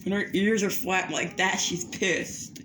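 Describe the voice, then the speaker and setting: A woman talking casually to a phone camera at home about her pets, chatty and slow. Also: steady tone, background noise. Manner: slow, chatty, scolding pets in sudden high shouts. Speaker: pet owner vlogger. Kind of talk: casual vlog talk to camera.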